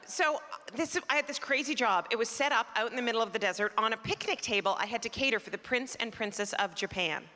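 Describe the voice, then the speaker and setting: A woman's voice: a little high, quick pace, sharp tone. A middle-aged woman from Canada performing a stand-up comedy set, chatty and self-deprecating, acting out characters. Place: performing arts center stage. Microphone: stage microphone. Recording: live theater with long reverb.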